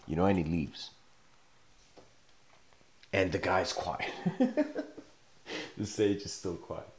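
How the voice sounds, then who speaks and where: A man's voice: deep voice, slow, long pauses, a little mellow, a little hiss or hum. A man giving a casual spoken lecture, telling a story in a rambling way, full of fillers. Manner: rambling, filler-heavy, laughs often. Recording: echoey room.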